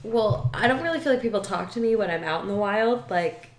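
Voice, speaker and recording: A woman's voice: mid-range voice, fairly quick, a crowd in the background. A young woman co-hosting a podcast, chatting casually in an easygoing, agreeable way. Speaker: podcast co-host. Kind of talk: casual chat. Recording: echoey room.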